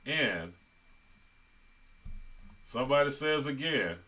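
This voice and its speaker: Male commentary host, mid-pitched, casual, reads comments aloud. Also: lively intonation, takes it slowly, pushed and bright. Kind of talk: online commentary.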